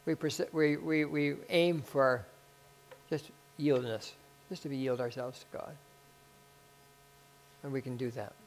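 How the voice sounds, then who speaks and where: A man preaching a sermon in an excitable way that swells into loud bursts, then leading a spoken prayer. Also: mid-range voice, unhurried, pauses often, a little hiss or hum, poor audio. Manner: prays aloud.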